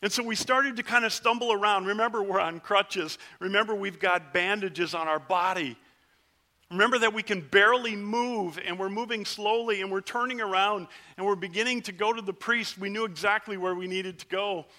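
A man's voice: sits high, fairly even intonation, normal speed. A man voicing a leper who was one of ten, telling his story in a first-person dramatic sermon as a vivid storyteller. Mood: earnest. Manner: vivid storyteller, shouts the plea, then hushes.

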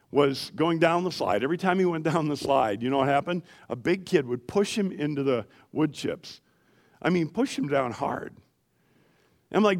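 A middle-aged man preaching a sermon in a church, animated and asking the congregation questions as he goes. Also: mid-range voice, creaky. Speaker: pastor.

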